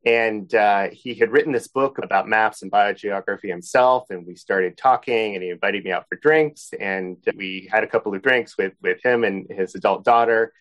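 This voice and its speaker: Low-voiced male author guest. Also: moderate pace, few pauses, a bit bright. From Boston area. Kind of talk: interview answers, storytelling.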